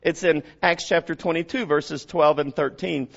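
A man preaching a sermon as pastor, dropping to quiet passages and rising to loud emphasis while he asks the congregation questions. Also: fairly high pitch, steady tone, normal speed, creaky, lo-fi sound.

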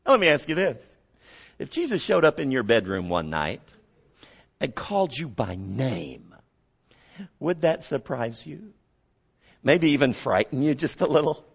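A man preaching a sermon as pastor, dropping to quiet passages and rising to loud emphasis while he asks the congregation questions. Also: mid-range voice, big pitch swings, a little slow, creaky, long pauses, breathy edge, lo-fi sound.

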